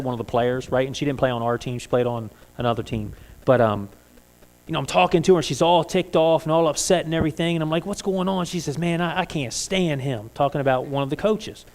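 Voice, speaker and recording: A pastor with a mid-range, slightly mellow voice preaches a sermon in church. He speaks conversationally and puts many rhetorical questions to the congregation.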